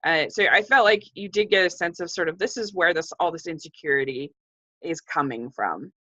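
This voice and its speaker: A woman co-hosting a casual film discussion, speaking in a measured, hesitant way as she gently disagrees. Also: fairly low pitch. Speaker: film podcast co-host. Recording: dull lo-fi sound.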